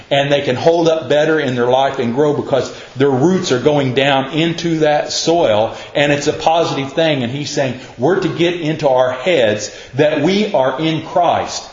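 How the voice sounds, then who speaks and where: A man preaching a sermon in an earnest, emphatic way, with a pastor's steady build and repetition. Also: mid-range voice. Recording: echoey, dull lo-fi church recording.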